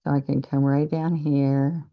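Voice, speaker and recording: An older woman with a deep voice teaches a painting lesson, chatting encouragingly while she demonstrates each stroke. Her delivery is flat and unhurried, and the audio is dull.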